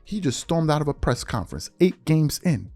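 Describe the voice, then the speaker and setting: Fired-up man ranting, lively pitch. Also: moderate pace, soft background music. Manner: animated and confrontational, calling out listeners with rhetorical questions; mocks others by mimicking their speech. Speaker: podcast host. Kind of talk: heated commentary monologue.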